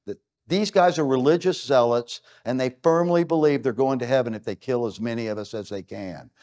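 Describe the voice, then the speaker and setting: Fairly quick and darkish in tone, this mid-range male voice comes from a middle-aged American keynote speaker on an event stage. His conference address is punchy and emphatic, with rhetorical questions throughout.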